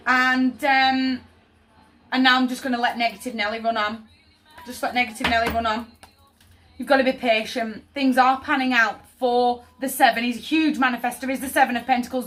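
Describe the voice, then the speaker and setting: Woman, high voice, chatty tarot reading, emphatic. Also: fairly bright tone. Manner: chatty, emphatic, often asks "does that make sense?". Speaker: tarot reader.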